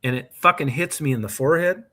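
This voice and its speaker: A man with a bright, sharp-edged voice tells a long personal story on a casual podcast. He swears at nearly every turn and rambles freely, circling back through the tale. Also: on the high side, fast. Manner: profane, rambling anecdote-telling. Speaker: podcast co-host. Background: co-host's short reactions.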